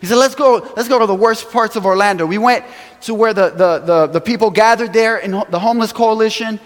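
A man preaching a sermon, telling stories with animated acted-out quotes and chuckles, from a church sanctuary. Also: sits high, a little fast. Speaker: pastor. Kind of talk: sermon storytelling. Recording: long hall reverb.

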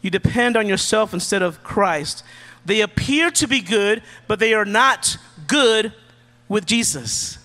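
A man preaching a sermon from the pulpit in a relaxed, joking, conversational way. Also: high voice, unhurried, in a large hall. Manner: casual, joking preacher who acts out quotes. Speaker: pastor.

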